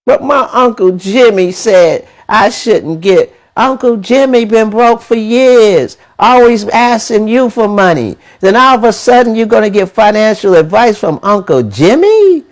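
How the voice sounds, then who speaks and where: Animated preachy man, higher voice. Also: a little slow, few pauses. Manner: animated, preachy, rhetorical questions; casual slangy delivery. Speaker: money mentor. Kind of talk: motivational talk.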